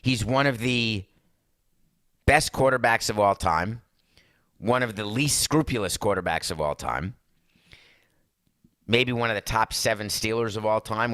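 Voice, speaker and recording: On his podcast, a male host with a fairly low, bright, forceful voice delivers sarcastic, rambling opinions on sports and culture, tossing asides to his producer. He slips briefly into a mock Italian accent. The audio is studio quality with no room sound.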